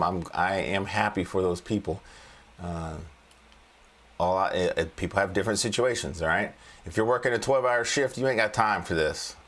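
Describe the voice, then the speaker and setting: Guy running a chill trading livestream, middle-pitched, folksy and jokey, keeps restarting his sentences. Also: fairly bright tone. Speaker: trading coach and livestream host. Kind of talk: casual livestream chart commentary.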